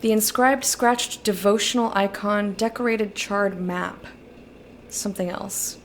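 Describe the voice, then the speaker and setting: A woman's voice: medium pitch, fairly even intonation, a little slow, slight background noise. Chatty young woman streaming a game. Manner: chatty, reads game dialogue aloud between musings. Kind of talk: casual let's-play commentary.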